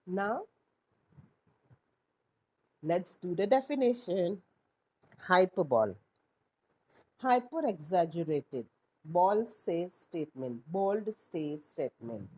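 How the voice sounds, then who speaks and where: Woman teacher, unhurried and a bit breathy, explaining with questions. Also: medium pitch, dark tone, low-quality recording. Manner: slow, explaining with rhetorical questions. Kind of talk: classroom lesson.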